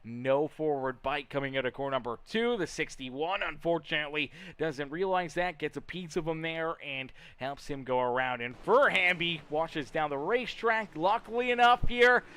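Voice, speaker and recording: A man's voice: on the high side, normal speed, few pauses, pushed and bright, clean tone. A young man doing live play-by-play for an online racing league, chatting and teasing viewers between calls and often repeating himself. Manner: chatty and teasing, repeats phrases, stumbles over words. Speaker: sim racing league commentator. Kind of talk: live play-by-play commentary mixed with chat replies.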